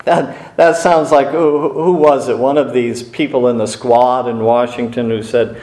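A man of middle pitch preaches slowly and earnestly, pausing and restarting now and then. His voice rings out in a reverberant church sanctuary. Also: fairly even intonation, a little mellow. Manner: earnest, measured, with small restarts and pauses. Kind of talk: sermon. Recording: echoey room.

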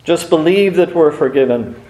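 A man preaching a sermon in an earnest, measured way, with brief pauses and small restarts. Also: fairly high pitch, animated, warm tone. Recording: echoey room.

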